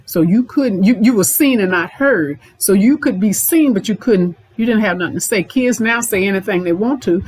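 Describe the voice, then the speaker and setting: 멤피스 억양의 중년 여성 치료사. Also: female voice, medium pitch, moderate pace, hardly any pauses, darkish tone, breathy edge, rough recording. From Memphis, Tennessee. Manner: folksy, repeats lines for emphasis. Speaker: therapist, podcast host. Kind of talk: podcast monologue.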